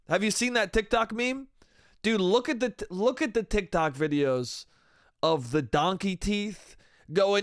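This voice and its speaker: High-voiced american guy ranting solo on a comedy pod, swears a lot, says dude nonstop, super dry sound. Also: lively intonation, normal speed, dry recording. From United States. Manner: profane, rambling, says "dude" constantly. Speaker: podcast host.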